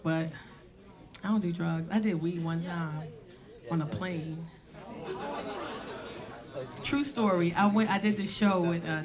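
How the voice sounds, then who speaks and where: A woman stand-up comedian telling a profane, animated story that builds to shouts. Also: fairly low pitch. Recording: live club, crowd laughter. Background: audience laughter.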